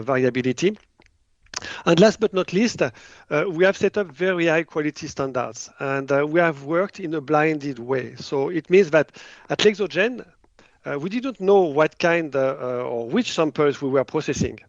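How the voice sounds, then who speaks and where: A man with a French accent talks through his answer with many hesitant fillers. His voice sits fairly high for a man. The sound is dry and a little dull, with no room around it. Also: expressive, moderate pace, dry recording. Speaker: biotech company CEO, guest. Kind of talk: podcast interview answer.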